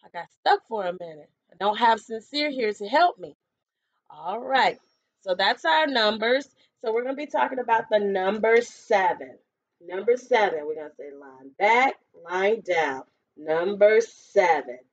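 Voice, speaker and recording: A woman teaching a remote preschool lesson, using sing-song call-and-response prompts and slow counting, recorded on a laptop webcam at home. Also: medium pitch, lively intonation. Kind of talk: remote lesson for young children. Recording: dull lo-fi webcam audio.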